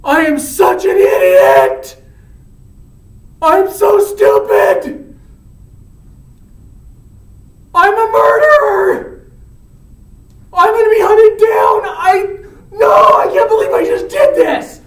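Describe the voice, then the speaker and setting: A man voicing a hot-headed teenage boy, loud and frantic, talking in an everyday way. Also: extremely high pitch, very animated, slow, pauses often, pitched above the performer's own voice, heavily acted. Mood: panicked. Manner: pleading, yelling, frantic. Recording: echoey room, mic at a distance.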